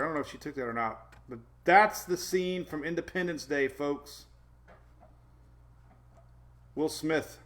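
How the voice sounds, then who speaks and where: Hosting a laid-back weather show live from home, a man with a fairly high, somewhat bright voice rambles on, calling out viewers' names and speaking to his puppies.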